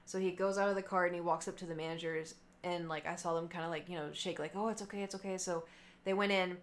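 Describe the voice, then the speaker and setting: A woman's voice: fairly low pitch, fast. Chatty young woman streamer. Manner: chatty, animated quoting of others, many fillers. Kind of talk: casual storytelling to stream chat.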